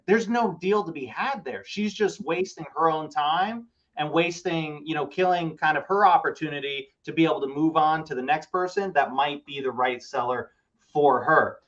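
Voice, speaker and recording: Male co-host, animated, slightly high voice, dull lo-fi call audio. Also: moderate pace. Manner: animated, acts out phone calls. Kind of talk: casual coaching chat.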